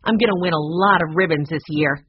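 A storybook reader voicing a spoiled, boastful girl who breeds rabbits, in a shrill, demanding tone. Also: fairly quick, muffled recording, slight background noise, lightly acted.

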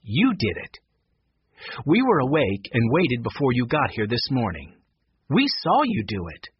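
A man voicing a calm older teenage boy detective who speaks matter-of-factly. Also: mid-range voice, measured pace, husky, no echo, lo-fi sound, exaggerated voice. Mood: steady.

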